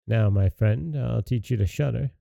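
A man's voice: medium pitch, moderate pace, creaky, mellow, dry recording, clean studio sound. A man reading as a sly self-assured sexton. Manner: confident, sly.

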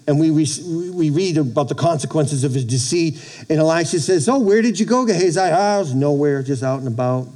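A male preacher with a mellow, warm voice pitched a little high tells a story from the pulpit. He speaks haltingly, repeats words and plays out the characters' lines himself. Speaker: pastor. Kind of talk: sermon.

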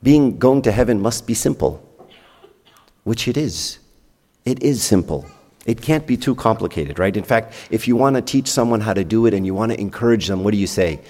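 A man's voice: mid-range voice, expressive, brisk, a little mellow, in a large hall. A man preaching a homily as a priest, chatting with the congregation through rhetorical questions and acted-out dialogue. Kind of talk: sermon. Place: church.

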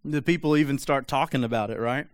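Chatty pastor guy preaching, animated, lots of little asides, dry sound. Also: mid-range voice, quick pace, clean tone, dry recording. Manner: conversational, animated, rhetorical asides. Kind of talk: sermon.

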